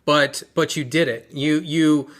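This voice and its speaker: A man's voice: a little high, fairly even intonation, slow, a bit bright. A man hosting a podcast, who affirms his guest and explains his program in an easy, conversational way. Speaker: podcast host. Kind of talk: casual interview chat.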